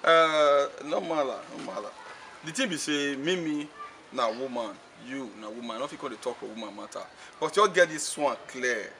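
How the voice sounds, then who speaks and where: A man's voice: mid-range voice, expressive, normal speed, sharp tone, slight background noise. A man with a Nigerian Pidgin accent playing a defiant young trader in a movie. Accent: Nigerian Pidgin English. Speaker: actor. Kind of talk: Nollywood movie acting.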